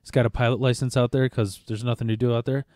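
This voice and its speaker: A man with a mellow, darkish voice rambles through profane stories in a casual podcast chat. He restarts his sentences often and keeps swearing as he goes. The sound is close and dry, with no room around it. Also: mid-range voice, level tone, quick pace, no room sound.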